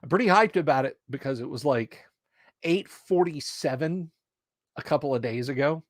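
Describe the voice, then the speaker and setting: A middle-aged man hosting a casual livestream, rambling and hyping up his viewers with lively storytelling. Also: fairly high pitch, normal speed, dry recording, studio quality. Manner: animated, hype-building and rambling. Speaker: livestream host.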